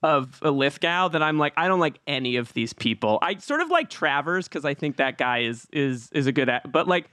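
An excitable man hosts a casual film podcast with a lively, bouncing voice that sits slightly high. He laughs easily and gets carried away. The sound is close and dry, with no room around him. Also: no echo. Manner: animated, excitable, quick to laugh. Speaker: podcast host.

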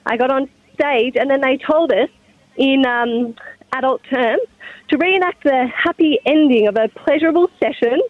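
Young female caller, high voice, eager storyteller, muffled dry phone line. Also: moderate pace, dry recording. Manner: enthusiastic storytelling.

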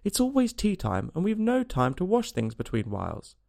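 A man voicing an excitable, rude eccentric hat-maker with a mournful, snappish manner. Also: high-pitched, moderate pace, gravelly, pitched above the performer's own voice, exaggerated voice. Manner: mournful then snappish and triumphant.

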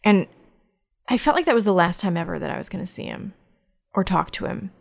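A woman with a slightly low voice tells a personal story in conversation. She speaks candidly and reflectively, often halting and restarting her words. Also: expressive, vocal fry.

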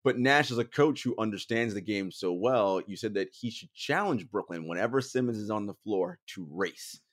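Low-voiced podcast host, quick to laugh. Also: male voice. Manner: frequent listening murmurs, laughs easily. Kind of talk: casual podcast conversation.

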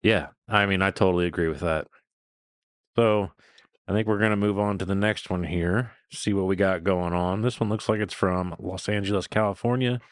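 A man hosting a podcast in a relaxed, agreeable way, introducing the next call. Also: deep voice, normal speed, no room sound, studio quality. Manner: relaxed, agreeable, brief affirmations. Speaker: podcast host. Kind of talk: casual chat.

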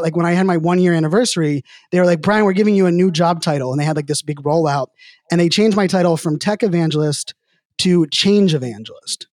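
A middle-aged man rambles through personal stories on a podcast and fills his sentences with "like." His voice sits a little high. The sound is dry and close. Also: a little mellow, no room sound. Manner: rambling, heavy use of filler "like". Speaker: podcast guest. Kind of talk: casual conversational storytelling.

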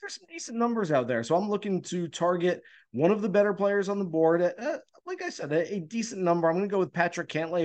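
A man's voice: a little high, a little mellow. A man hosting a golf betting podcast, talking through his picks in an easygoing, conversational way with frequent "uh" fillers. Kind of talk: casual podcast talk giving betting picks.

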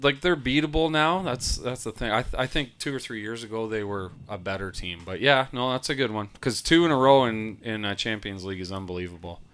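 A man co-hosting a casual podcast in a studio, chatting about sports and cracking quick jokes. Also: lowish voice, fairly bright tone, smooth. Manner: chatty, quick joking interjections. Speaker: podcast co-host.

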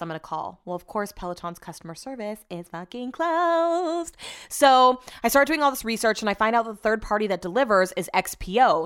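A woman's voice: medium pitch, smooth. A woman telling a rambling story in a casual, profane rant, jumping between asides. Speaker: vlogger.

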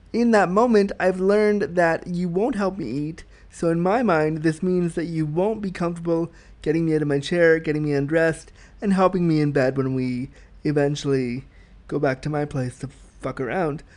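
A man's voice: fairly high pitch, fairly even intonation, a little slow, darkish tone. A man hosting a solo podcast, talking frankly and reflectively as he explains his thoughts at length. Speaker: podcast host.

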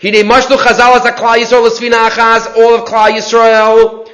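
A man's voice: very high voice, completely flat delivery, moderate pace, a bit bright, echoey room, poor audio. A man teaching a weekly Torah class, explaining sources line by line and asking and answering his own questions.

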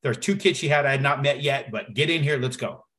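A man telling a personal story as a podcast guest, acting out the dialogue with lively shifts in his voice. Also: medium pitch, fast talker. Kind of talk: storytelling in conversation.

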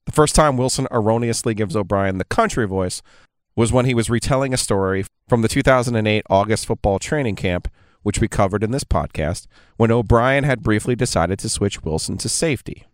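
A man's voice: lowish voice, fairly quick, dry recording, studio quality. A man narrating a scripted podcast in a pointed, critical way. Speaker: podcast host.

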